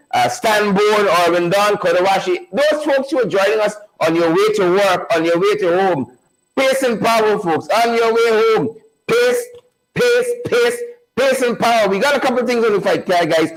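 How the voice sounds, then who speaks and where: A high-voiced man runs a live online show. He repeats himself to build energy and greets viewers one by one in a loose, hyped-up chatting style. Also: low-quality recording. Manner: repetitive, hype-building, calls out viewers by name.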